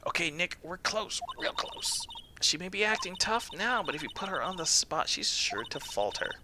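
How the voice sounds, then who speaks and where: A man voicing an eager young woman assistant in a courtroom game, speaking in a softer, urging tone. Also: high voice, big pitch swings, moderate pace, background noise, pitched above the performer's own voice.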